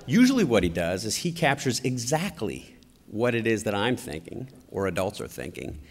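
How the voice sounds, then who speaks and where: A middle-aged man addresses a conference crowd, moving from family anecdotes into a political point. His pitch rises and falls in an animated, storytelling way. The voice carries a long reverb from the large hall. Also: normal speed. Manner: animated anecdotal delivery with acted quotes. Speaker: conference speaker.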